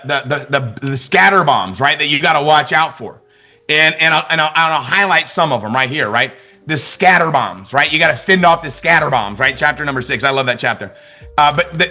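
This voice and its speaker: Energetic man coaching with bright, high voice. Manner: energetic, repetitive, many restarts and "right?". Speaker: network marketing trainer. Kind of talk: motivational business talk.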